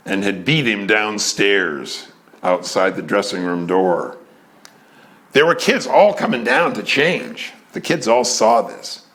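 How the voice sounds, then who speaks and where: A man telling a theater anecdote in a lively way, acting out what people said and stalling with fillers as he hunts for names. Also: on the low side. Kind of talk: anecdotal storytelling.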